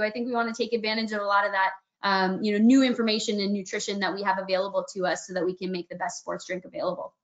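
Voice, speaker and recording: A woman's voice: mid-range voice, lo-fi sound. A woman speaking as a panel expert in an online webinar Q&A, explaining points fluently.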